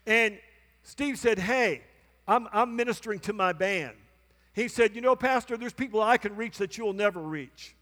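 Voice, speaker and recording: A man's voice: sits high, normal speed, fairly bright tone, big-room sound. A male pastor preaching a sermon, telling a story and acting out both sides of a conversation, calling out to the congregation. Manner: calls out to the congregation. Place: church sanctuary.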